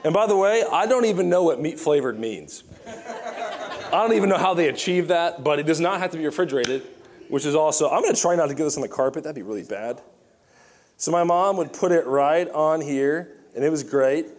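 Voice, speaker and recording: Young male pastor, lively self-mocking storyteller, voice a bit high. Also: brisk. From Virginia. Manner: animated and self-mocking, with props. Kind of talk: sermon with storytelling.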